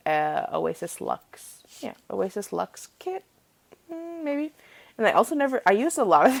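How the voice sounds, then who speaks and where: A young woman in her twenties talks casually over her building footage, rambling from one thought to the next and laughing often. Her voice sits on the low side, with a gravelly fry at the ends of her words. The recording is close and dry, with no room sound. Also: no room sound. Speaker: student teacher and game-build video host.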